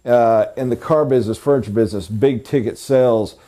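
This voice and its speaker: Middle-aged male sales coach lecturing a room, animated and emphatic, mellow-toned voice. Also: a little fast. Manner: animated, emphatic, jumps to high excited pitch for emphasis. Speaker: sales trainer. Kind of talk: live training lecture.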